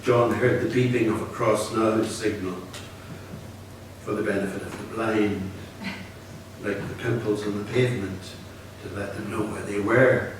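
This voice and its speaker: A man's voice: fairly low pitch, fairly even intonation, a little slow, background noise. Northern irish author in his 60s reading a story, really echoey hall, far from the mic. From Belfast. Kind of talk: reading fiction aloud. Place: lecture hall at a reading event.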